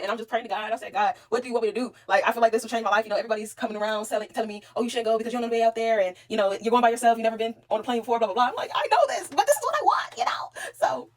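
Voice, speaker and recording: Young woman, rapid-fire, salty storyteller vlogger, slightly high voice. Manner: animated, profane, talks straight to the viewer. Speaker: vlogger telling her story. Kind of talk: casual storytelling vlog.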